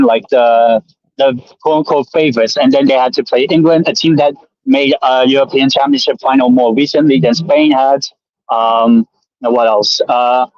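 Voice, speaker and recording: A man's voice: on the high side, dry recording, dull audio. A man laying out his argument point by point in a casual online football debate. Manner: steady, methodical listing of points. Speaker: panelist.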